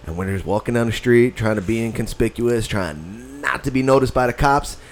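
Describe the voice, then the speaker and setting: Male co-host, casual storyteller, profane and animated, mid pitch, faint background noise. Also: a little fast. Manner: profane, animated storyteller who acts out other people's lines. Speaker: podcast co-host telling a story. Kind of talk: casual chat.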